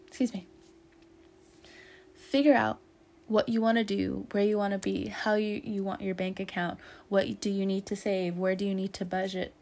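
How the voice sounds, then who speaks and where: A woman's voice: medium pitch, level tone, normal speed, pauses often, darkish tone. Woman, tarot reader talking to camera, chatty and giggly with a slangy, encouraging delivery, mid-range voice. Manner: chatty, laughs often, calls the listener fam and homie. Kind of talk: casual tarot reading to camera.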